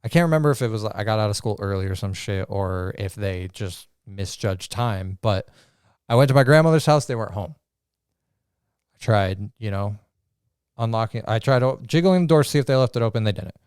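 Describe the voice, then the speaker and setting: A young man co-hosting a podcast, telling a crude childhood story in casual chat, animated and swearing freely. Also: fairly low pitch, brisk, smooth, no echo, clean studio sound. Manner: storytelling, profane and animated, acts out quoted voices. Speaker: podcast co-host.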